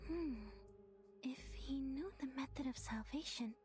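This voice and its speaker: A high, slow, half-whispered game character who muses softly over clues. Game music plays faintly behind her. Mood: musing. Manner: soft, musing, half-whispered.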